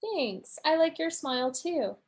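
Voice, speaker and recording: A woman teacher answering questions in a casual live Q&A, explaining at an unhurried pace with many fillers and restarts. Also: sits high, lively intonation. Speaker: TOEFL teacher.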